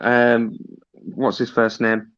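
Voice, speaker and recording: A man's voice: medium pitch, completely flat delivery, takes it slowly, fairly bright tone. A man in a casual chat, answering briefly and asking easy questions in a laid-back way. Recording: dull lo-fi sound.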